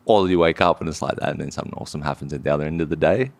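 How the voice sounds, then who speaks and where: A man with an Australian accent, a company founder chatting casually on a podcast in an animated, sweary, rambling way. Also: extremely low pitch, racing, creaky, no room sound.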